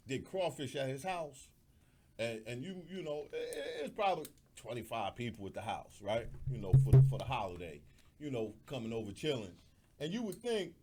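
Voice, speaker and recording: A man hosting a radio talk show, telling stories in a laid-back way and often repeating words. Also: mid-range voice. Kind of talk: casual chat.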